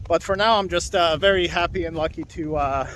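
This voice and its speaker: A man's voice: on the high side, fairly quick, fairly bright tone, slight background noise. A young man vlogging alone outdoors in a forest, rambling casually with lots of fillers and a little out of breath. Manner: loose and chatty, full of fillers and restarts. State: slightly out of breath from walking. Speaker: hot wheels vlogger. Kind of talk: rambling casual vlog talk.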